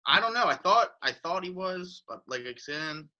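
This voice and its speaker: High, bright-voiced man rambling excitedly. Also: moderate pace, muffled recording. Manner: rambling, excitable, swears casually. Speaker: podcast co-host. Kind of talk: casual chat. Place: studio.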